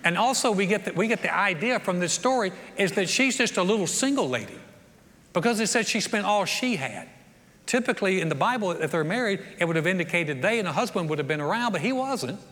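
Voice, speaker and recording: Man, pastor, high voice, folksy preaching, long reverb. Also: a little fast. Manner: folksy, animated storytelling with acted-out quotes. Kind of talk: sermon. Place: church sanctuary.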